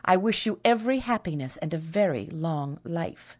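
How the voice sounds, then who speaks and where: A woman's voice: lowish voice, expressive, normal speed, darkish tone. A woman reading the part of a jealous, proud young woman who speaks passionately and bitterly.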